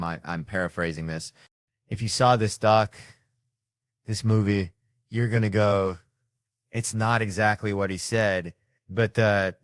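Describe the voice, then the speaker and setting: A man casually telling stories on a podcast, animated, swearing and slipping into voices for the people in them. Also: low-pitched, dry recording, clean studio sound. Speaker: podcast host. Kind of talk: casual storytelling chat.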